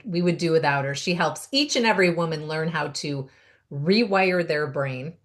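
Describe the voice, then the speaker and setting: Low-voiced upbeat woman hosting an interview. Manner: upbeat and encouraging, talks in long explanations. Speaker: host.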